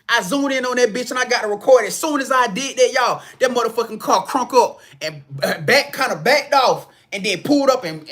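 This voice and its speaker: A man's voice: very high voice, fairly bright tone. A man hosting a spiritual reading channel, telling a story to his viewers in a casual, emphatic, heavily profane way, often repeating himself. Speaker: spiritual reader, channel host.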